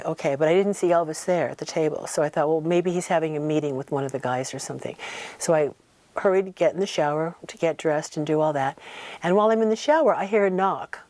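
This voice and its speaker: A woman telling a personal story in a casual interview, animated and acting out the voices of people she quotes. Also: low-pitched, no echo. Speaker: guest recounting memories.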